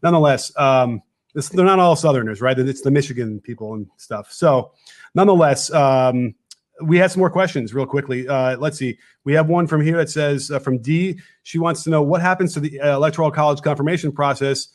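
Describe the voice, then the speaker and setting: A man hosting a political podcast, talking in a halting, musing way as he thinks out loud and reads listener questions. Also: on the high side. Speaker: podcast host. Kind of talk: casual political podcast chat.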